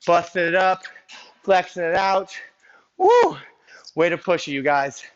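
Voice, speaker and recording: A man's voice: high-pitched, normal speed, clear, resonant tone, dull audio. Breathless, cheering male fitness coach. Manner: energetic cheering and counting reps, then calm cool-down cues. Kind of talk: live workout instruction.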